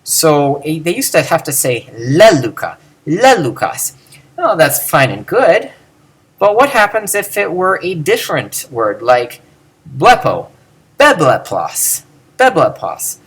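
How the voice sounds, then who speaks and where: A man gives a home-recorded lesson on Greek pronunciation at his computer. He thinks aloud as he goes, halting with fillers and restarting sentences as he works through examples. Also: a little high, big pitch swings, fairly bright tone, husky. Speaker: teacher.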